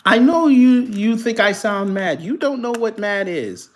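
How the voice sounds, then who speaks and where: A man hosting a live commentary stream, reading a news article aloud and firing back at viewers in chat. He talks in an animated, profane way and laughs often. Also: extremely high pitch. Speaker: commentary channel host.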